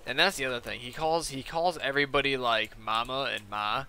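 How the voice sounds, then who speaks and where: Bright-voiced young man rambling profanely. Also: medium pitch, fairly quick, slight background noise. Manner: rambling and profane, with constant fillers. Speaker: gaming streamer. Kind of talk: casual chat while playing a game.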